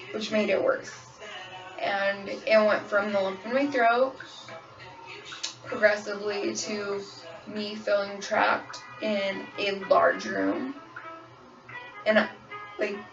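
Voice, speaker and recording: A young woman talks frankly to her phone camera in a personal vlog confession, her voice gravelly with a lot of fry. The recording is dull and lo-fi, she sits a little back from the mic, and a pop song plays clearly in the background. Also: mid-range voice, far from the mic. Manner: candid, frank, storytelling. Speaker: waitress sharing her experience. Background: pop song playing on repeat.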